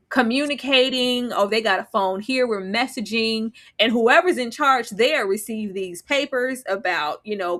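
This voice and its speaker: A woman co-hosting a casual live recap chat, telling the story with dramatic flair and acting out the people she quotes. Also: mid-range voice. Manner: animated, dramatic retelling with voiced quotes. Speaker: co-host.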